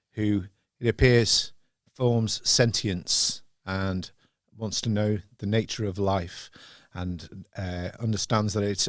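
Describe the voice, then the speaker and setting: A man's voice: fairly low pitch, no room sound, clean studio sound. A man hosting a casual film podcast, talking in a reflective way and often searching for words. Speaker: podcast host.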